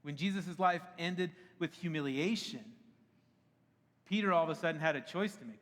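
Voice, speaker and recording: A man in his thirties preaching a sermon to a church, in a conversational, animated way that breaks often into laughter. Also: a little high, normal speed. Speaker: pastor. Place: church auditorium. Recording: long hall reverb.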